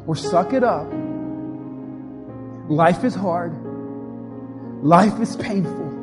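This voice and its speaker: Male pastor, high-pitched and fervent, leading an altar-call prayer over soft music. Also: slow. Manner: impassioned, repetitive preaching cadence. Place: church sanctuary. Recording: long hall reverb, faint music.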